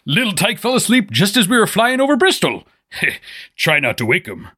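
A big, kindly, bearded groundskeeper, as a man puts him on talks in a raised, lively voice. It is a comedic podcast read-through. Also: high-pitched, moderate pace, husky, voice pushed up, heavily acted. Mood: cheerful.

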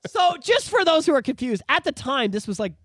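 A man in his thirties hosting a podcast, telling nostalgic stories in an animated, profane, casual way. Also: very high voice, fairly quick, no room sound, studio quality. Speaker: podcast host.

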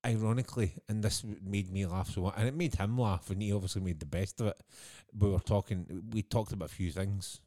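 Deep-voiced Scottish man telling stories. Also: a little fast, few pauses, mellow. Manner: chatty storyteller, laughs often. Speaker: podcast co-host. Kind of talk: casual chat.

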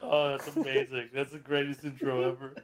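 A man's voice: mid-range voice, little pitch movement, fairly quick, a crowd in the background. A man co-hosting a casual podcast, teasing and playful. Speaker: podcast co-host. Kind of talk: casual chat.

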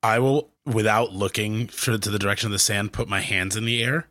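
A man's voice: lowish voice, brisk, sharp tone, no echo, clean studio sound. A man playing a tabletop game, methodical and full of clarifying questions. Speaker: player.

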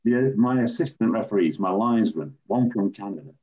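An older man from England, a former referee, telling animated anecdotes as an interview guest. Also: on the low side, fairly quick. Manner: animated raconteur, acts out quoted voices. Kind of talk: anecdotal storytelling. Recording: dull lo-fi recording.

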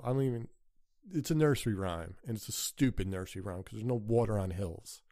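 A man's voice: mid-range voice, fast talker, dark tone, no room sound, studio quality. A man hosting a podcast, delivering a crude, sarcastic solo rant with an exasperated tone. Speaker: podcast host.

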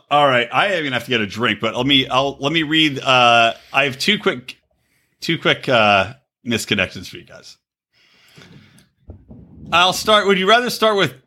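A man hosting a podcast, chatting casually and profanely, acting out quotes in high squeaky voices. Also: measured pace. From Los Angeles area. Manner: animated, swearing, acts out quotes in high voices. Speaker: podcast host.

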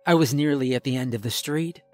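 A man's voice: medium pitch, a little fast, darkish tone, faint music behind. A man narrating a first-person horror story in a dramatic, tense storytelling manner.

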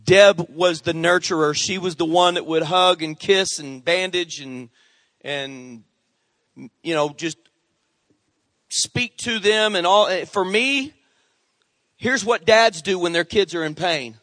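High-voiced, bright-toned preaching man. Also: takes it slowly, pauses often, no echo. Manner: animated preaching, calling for amens. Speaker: pastor. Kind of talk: sermon.

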